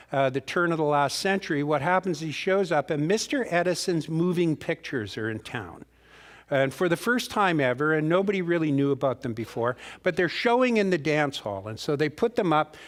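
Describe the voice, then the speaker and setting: A man preaching in a spiritual center, spinning a folksy story in a slightly high voice. He rambles, doubles back on his words and keeps turning to the congregation with direct questions. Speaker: guest minister. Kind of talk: storytelling sermon.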